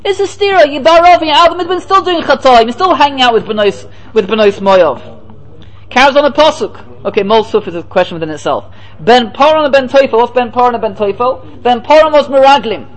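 A man's voice: very high voice, lively intonation, fairly quick, poor audio. A man, a rabbi, giving a Torah lecture. He asks rhetorical questions and answers them himself, and acts out the people he quotes.

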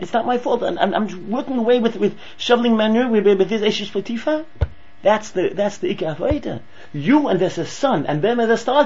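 Man, husky and high-pitched Torah teacher, excitable with many restarts, lo-fi hum. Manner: excitable, repeats and restarts words. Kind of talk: animated Torah lesson.

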